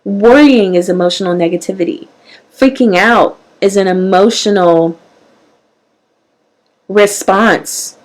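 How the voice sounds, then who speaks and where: Woman, parenting coach, live motivational talk, earnest, animated. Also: mid-range voice, slow, long pauses, poor audio. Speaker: parenting show host.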